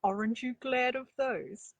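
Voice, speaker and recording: A high-pitched, breathy woman, a storyteller and life coach, reads a children's story aloud at a measured pace with no room sound. She keeps breaking off for chatty asides and rhetorical questions to her listeners.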